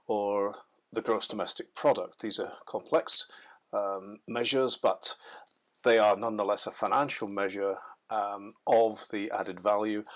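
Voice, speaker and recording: A man from the United Kingdom giving a measured, explanatory business lecture over slides, with frequent ums and self-corrections. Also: on the low side, a bit bright.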